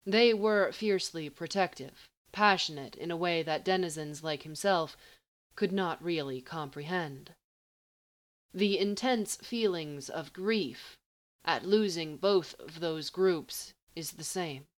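A woman reading a story aloud in a measured, even way. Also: lowish voice. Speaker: narrator.

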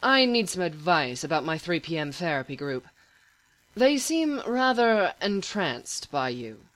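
Calm male therapist, smooth, patient, woman reading, dry close sound. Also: fairly low pitch, a little slow, dry recording.

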